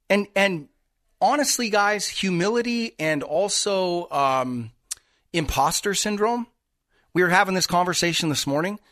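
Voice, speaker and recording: A middle-aged man hosts a financial talk radio show and talks his listeners through market news with a lively, up-and-down delivery. His voice sits a little high for a man. The sound is close and dry, with no room echo. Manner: animated, conversational, addresses listeners as guys.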